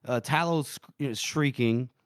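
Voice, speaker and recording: A man's voice: mid-range voice, moderate pace, smooth, no room sound, clean studio sound. A man co-hosting a book podcast, retelling scenes casually and acting out characters' lines. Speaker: podcast co-host.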